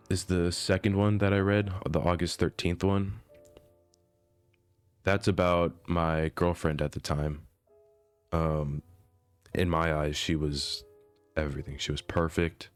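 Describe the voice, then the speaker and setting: Very deep-voiced young man, soft and earnest. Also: steady tone, unhurried, long pauses, clean tone, no room sound. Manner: soft, earnest and hesitant, trailing off quietly. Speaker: vlogger. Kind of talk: reading a personal diary entry aloud, then reflective monologue. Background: faint instrumental music.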